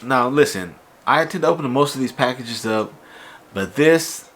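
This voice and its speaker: A man talks casually to his viewers in a congested, nasal voice, stuffy from allergies. His pitch sits in the middle, and his storytelling turns animated and exasperated. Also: moderate pace, a little hiss or hum. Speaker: toy collector vlogger. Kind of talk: casual unboxing vlog.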